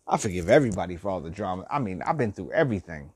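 A man's voice: sits low, expressive, fast, few pauses, a little mellow, slightly rough, no echo, clean studio sound. An older man giving heartfelt, repetitive life advice to his listeners, swearing and using slang. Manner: heartfelt, preachy, repeats phrases, swears, slangy. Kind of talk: emotional motivational monologue.

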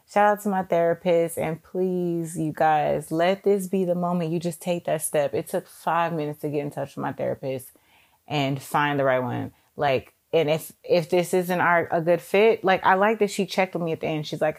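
Frank, expressive woman podcast host. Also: deep voice, normal speed. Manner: frank and expressive, swears freely. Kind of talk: casual candid podcast chat.

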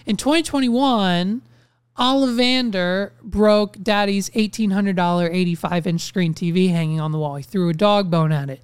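A young man hosting a podcast, telling stories in a casual monologue full of swearing and animated ranting. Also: high-pitched, moderate pace, clean tone, dry recording, studio quality. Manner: ranting, profane, animated storytelling. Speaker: podcast host.

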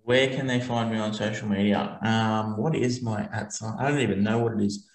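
An easygoing man chats as a podcast guest, agreeing readily and joking along. His mid-pitched voice is recorded in an echoey room. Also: steady tone, normal speed. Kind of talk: casual chat.

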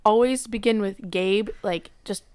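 A young woman co-hosting a podcast, animated and often laughing in casual chat. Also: mid-range voice, a little slow, a little hiss or hum. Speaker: podcast co-host.

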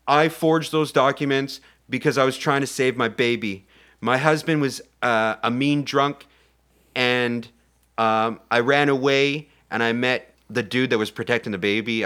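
A man's voice: mid-range voice, bright, forceful tone, lightly acted. A man voicing a film heroine who hurriedly confesses her secret, in a rambling, casual way.

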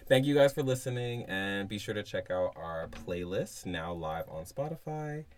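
A man's voice: on the low side, expressive, normal speed. A man co-hosting a podcast in casual chat, often affirming his partner with short agreements. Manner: affirming, backchannels often with yeah and mm-hmm. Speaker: podcast co-host.

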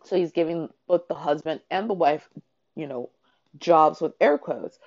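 A woman with a low voice chats about a novel she just read, excitable and quick to swear, with fillers at every turn. The sound is dry and a little dull, as if from a modest home mic. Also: dry recording. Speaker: book reviewer. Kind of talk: casual spoiler-filled book chat.

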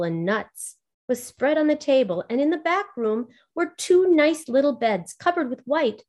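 A woman storyteller reading a fairy tale aloud in a measured, expressive way. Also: a little high.

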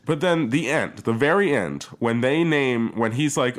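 A man's voice: medium pitch, lively intonation, normal speed, few pauses. A man hosting a casual movie review chat, skeptical and given to laughing.

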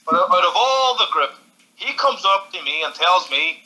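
A man's voice: sits high, normal speed, rough recording. A man with a Northern Irish Derry accent, a former boxer chatting as a podcast guest, telling stories with frequent laughs. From Northern Ireland (Derry). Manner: lively storyteller, laughs often, acts out quotes. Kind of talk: casual interview chat.

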